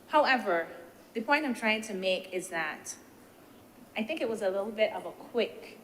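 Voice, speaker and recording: A woman senator giving a measured, deliberative speech in a senate debate, posing rhetorical questions as she weighs the points. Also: mid-range voice. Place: senate chamber. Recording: reverberant chamber with faint background noise.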